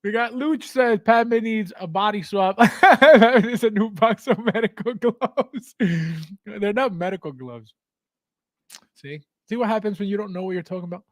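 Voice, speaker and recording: A man's voice: high voice, no room sound, studio quality. A man hosting a casual livestream from his home basement, greeting viewers by name, reading chat aloud and laughing often. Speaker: livestream host.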